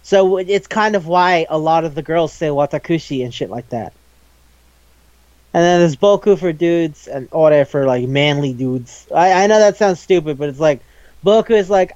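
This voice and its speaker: A man in casual chat, recapping an anime, loose and profane, quickly acting out the characters' lines. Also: fairly high pitch, darkish tone, no echo, muffled recording. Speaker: podcast co-host.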